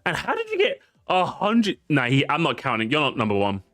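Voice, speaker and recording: A man's voice: on the high side, wildly swooping pitch, fairly quick, fairly bright tone, no echo, soft background music. A man giving casual, jokey gameplay commentary, swearing and pleading with the game as he races. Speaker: gaming YouTuber.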